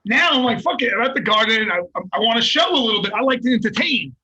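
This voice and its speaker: A middle-aged man, a fighter, telling a story in a casual, profane and animated way and laughing at himself. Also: extremely high pitch, fast talker, slightly rough, highs cut off. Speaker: guest, MMA fighter.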